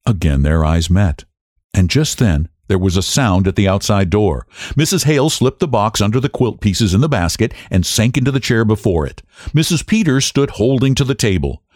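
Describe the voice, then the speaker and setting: A man reads a short story aloud in a measured, expressive way. His voice is low and moves through a lively pitch range. The sound is dry and close, with no room echo. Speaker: narrator. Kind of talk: audiobook narration.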